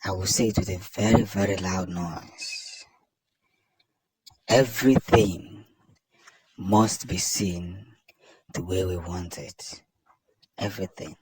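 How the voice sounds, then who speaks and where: A man with a Nigerian accent giving impassioned political commentary, emphatic and repetitive, building up to loud declarations. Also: low-pitched, fairly even intonation, takes it slowly, long pauses, breathy edge, dry recording.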